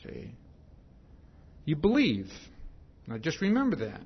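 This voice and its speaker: A man's voice: fairly high pitch, slow pace, gravelly, breathy edge. A male preacher giving an expository Bible sermon, emphatic, often asking "see?" to drive each point home. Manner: repeats "see?" often, emphatic, lively rises and drops. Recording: dull lo-fi sermon recording.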